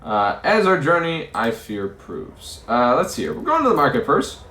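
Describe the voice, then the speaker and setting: Guy narrating a story game and thinking out loud, voice bounces around a lot, echoey room. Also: medium pitch, very animated, moderate pace. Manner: muses aloud, stumbling over words and chuckling. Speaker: let's play host. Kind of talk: reading game text aloud and commenting.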